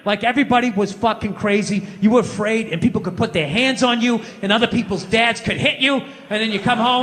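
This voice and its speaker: Man, middle-aged, stand-up comedy rant, shouting, high bright voice, reverberant hall. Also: fairly quick, few pauses, a little hiss or hum. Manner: loud ranting delivery with frequent shouting. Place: theater stage before a live audience. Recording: stage mic with long hall reverb.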